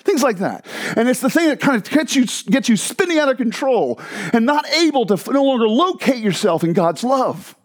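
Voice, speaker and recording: A man's voice: very high voice, big pitch swings, fairly quick. A man preaching a sermon to a crowd in a church hall, joking and asking the listeners questions. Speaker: pastor.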